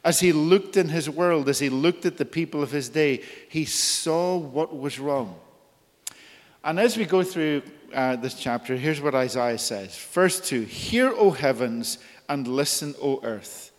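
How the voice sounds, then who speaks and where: A man preaching a sermon in a church, earnest and deliberate, his voice rising in urgent questions as he voices the prophet's appeals. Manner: slow, earnest, rises high and urgent when voicing God's appeals. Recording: long reverb of a hall.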